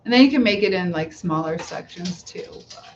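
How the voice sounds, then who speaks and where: A woman's voice: fairly low pitch, animated, a little fast, noisy background. Woman chatting on a live stream, talks to viewers while braiding her hair, kinda muffled lo-fi audio. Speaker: live chat host. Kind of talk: casual live-stream chat.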